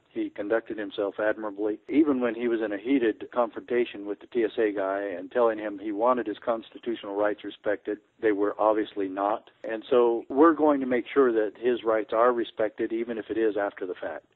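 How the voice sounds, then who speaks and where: A man's voice: lowish voice, no echo. A man, a sheriff, speaking firmly and assertively as a guest on a radio interview. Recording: tinny phone line, dry.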